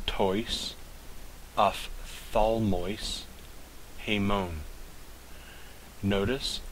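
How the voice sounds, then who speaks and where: A man leads a pronunciation lesson, carefully sounding out words one syllable at a time. His voice sits very low and he speaks at an extremely slow, measured pace. A faint hiss runs under the recording. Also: fairly bright tone, low-quality recording. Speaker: Greek tutor.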